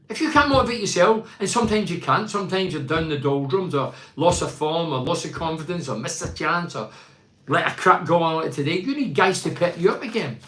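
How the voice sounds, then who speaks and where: Man, middle-aged, football podcast host, opinionated, rhetorical and repetitive, slightly high voice, roomy echo. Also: a bit bright. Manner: emphatic and rhetorical, piles up repeated phrases. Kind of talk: opinionated football chat, reading out listener comments.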